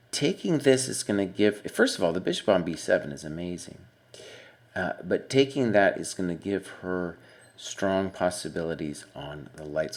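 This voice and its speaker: A middle-aged man coaching chess, talking through a student's game in a casual, thinking-aloud way. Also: deep voice. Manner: conversational, thinks aloud with fillers and asides. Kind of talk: casual spoken game analysis.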